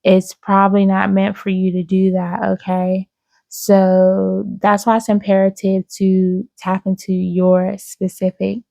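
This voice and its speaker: A woman giving an intuitive spiritual reading to her viewers, speaking slowly and soothingly with frequent "okay?" check-ins. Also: mid-range voice, gravelly, warm tone, no room sound. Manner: slow, drawn-out, soothing, with many "okay?" asides. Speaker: psychic reader.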